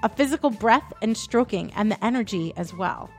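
A woman's voice: mid-range voice, expressive, moderate pace, faint music behind. A woman co-hosting a comedy podcast, reading a news story aloud and laughing often as she goes. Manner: laughs often while reading, loses her place. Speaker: podcast co-host.

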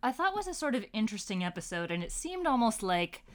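A woman hosting a podcast, chatting casually and giving quick, wry commentary on a TV show. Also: fairly high pitch, very animated. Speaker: podcast host. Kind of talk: casual chat, discussing a TV show.

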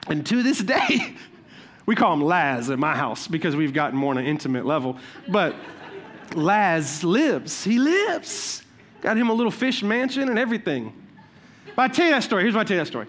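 A man preaching a sermon as pastor, telling personal stories in an animated, conversational and humorous way. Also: sits high, quick pace, a little hiss or hum. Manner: repeats "watch this" to cue points.

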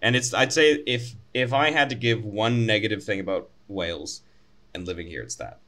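A young man from the United States talks in a casual podcast chat. His voice sits a little low but sounds bright and forward. He tells stories bluntly, with dry sarcasm and plenty of swearing. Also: moderate pace.

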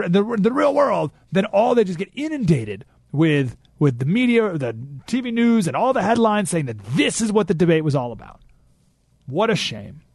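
A man hosting a political talk radio show, emphatic and animated, repeating points for effect, in a studio. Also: sits high, no echo. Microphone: studio microphone.

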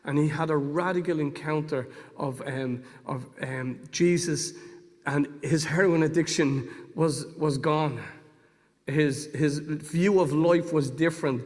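Fervent preacher in a reverberant hall. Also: male voice, fairly high pitch, unhurried. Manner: storytelling, swings from hushed to fervent. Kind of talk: testimony sermon.

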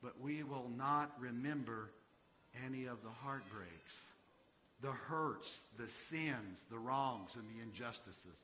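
A man preaching a sermon to his congregation. He swings between soaring, emphatic peaks and quiet, hushed asides. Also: medium pitch, measured pace. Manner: preaching that swells to shouted climaxes and drops to quiet asides. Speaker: pastor. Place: church sanctuary.

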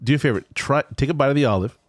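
A man's voice: medium pitch, very fast. A man telling a rambling travel story in casual chat, with many restarts.

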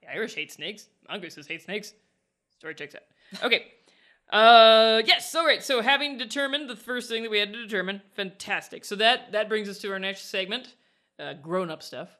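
A woman's voice: mid-range voice, lively intonation, moderate pace, pushed and bright. Playful woman hosting a podcast. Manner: playful, runs segments. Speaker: podcast co-host. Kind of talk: casual chat.

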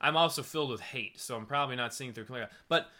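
Bright animated young man. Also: medium pitch, fast talker. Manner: animated, mock-quotes characters. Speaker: podcast co-host. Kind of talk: casual chat.

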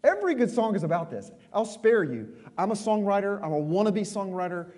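A man preaching a sermon in a conversational, emphatic way, dropping suddenly quiet at moments. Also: high-pitched, sing-song, a little fast, in a large hall. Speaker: pastor.

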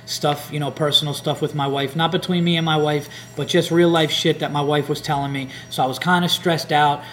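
A man with a slightly raised pitch tells a long, swearing-laden story in casual podcast chat. He rambles and acts out other people's lines. A faint hum sits under the recording. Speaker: comedian podcast host.

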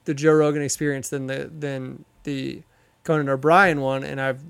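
A man's voice: medium pitch, level tone, moderate pace, creaky, a bit bright, smooth, dry recording. A man co-hosting a casual podcast, skeptical and contrarian, poking at his friends with questions. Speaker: podcast co-host and band member. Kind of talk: casual chat.

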